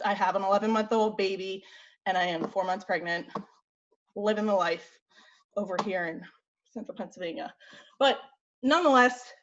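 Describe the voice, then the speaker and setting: A woman's voice: mid-range voice, dull audio. A young woman leading a motivational team call as a fitness coach, talking bluntly and chattily, a little out of breath. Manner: blunt, chatty, quick with fillers. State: slightly out of breath.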